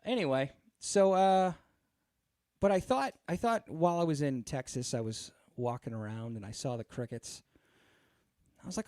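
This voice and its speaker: A man's voice: a little high, lively intonation, normal speed, darkish tone, dry recording, studio quality. A man hosting a podcast, telling a long, exasperated story in a casual, profane way full of fillers. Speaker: podcast host.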